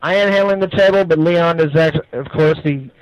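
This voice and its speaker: A man who works in a poker room, talking on the phone in a teasing, deadpan way. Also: fairly high pitch, normal speed, highs cut off.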